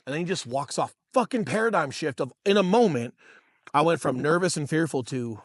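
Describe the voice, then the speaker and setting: Animated profane man telling stories. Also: fairly high pitch, a little fast, no room sound, studio quality. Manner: animated, profane, calls listeners bro and dude. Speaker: podcast co-host and real estate agent. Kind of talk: casual storytelling chat.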